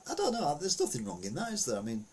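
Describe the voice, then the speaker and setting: A man's voice: a little high, wildly swooping pitch, fast talker, a little hiss or hum. A man, hosting a podcast of casual news commentary, rambling and chatty with lots of fillers. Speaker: podcast host.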